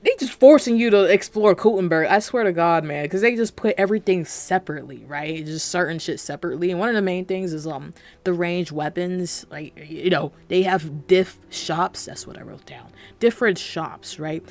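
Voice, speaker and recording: A man's voice: sits high, moderate pace, hardly any pauses. A young man giving a casual spoken game review, rambling and swearing, exasperated, full of fillers and restarts.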